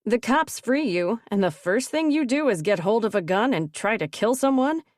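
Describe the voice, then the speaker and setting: A woman voicing a composed man who speaks calmly and sarcastically. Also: a little high, moderate pace, no echo, clean studio sound, close to an everyday voice. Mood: deadpan. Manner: calm and deadpan.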